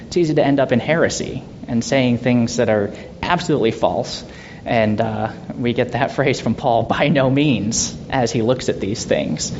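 Man teaching scripture, lo-fi recording. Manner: conversational, with soft laughs and rhetorical questions. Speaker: Bible teacher. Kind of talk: Bible study teaching. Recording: dull lo-fi sound with faint rumble.

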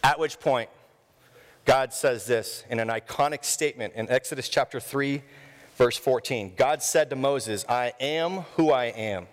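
A male pastor preaching a sermon, telling stories in an animated way. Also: mid-range voice, unhurried. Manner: storytelling, animated. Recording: long hall reverb.

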